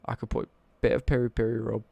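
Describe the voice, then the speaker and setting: A man's voice: mid-range voice, little pitch movement, fast talker, creaky, warm tone, no echo, muffled recording. A young British man ranting on a casual live stream, sweary and worked up.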